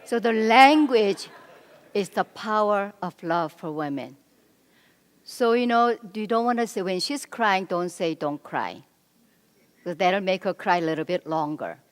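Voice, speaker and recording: Woman, middle-aged, marriage seminar speaker at a church, lively and direct with her listeners, mid-pitched voice, long hall reverb. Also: a little slow. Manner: animated, directly coaching the men in the audience.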